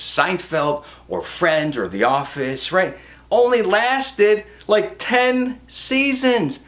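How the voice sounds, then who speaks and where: A man in his fifties from Cleveland doing a stand-up comedy set, telling wry stories with quick asides. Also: a bit bright. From Cleveland, Ohio. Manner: wry storytelling, quick asides, drops low for quoted voices.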